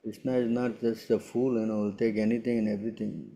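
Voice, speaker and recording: A man's voice: on the low side, level tone, fast talker, mellow. A man acting as spiritual teacher in a Q&A session, speaking emphatically and keeping checking his listeners follow with short tag questions.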